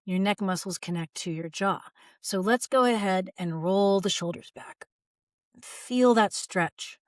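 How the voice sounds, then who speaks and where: A woman in her forties speaking as a voice teacher in an instructional video. Her delivery is calm and gently guiding. The sound is close and dry, with no room echo. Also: mid-range voice, measured pace.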